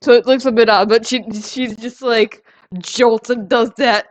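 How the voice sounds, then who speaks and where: A woman's voice: on the high side, steady tone, measured pace. A woman player in a tabletop game, talking casually with hesitant, rambling phrasing. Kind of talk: casual chat.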